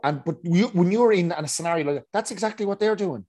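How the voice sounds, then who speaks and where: A man hosting a podcast in a relaxed chat, swearing casually. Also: high voice, fast. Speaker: podcast host.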